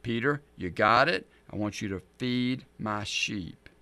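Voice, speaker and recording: A man voicing a patient male teacher who gives gentle but insistent instructions. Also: lowish voice, measured pace, dry recording, pitched below the performer's own voice.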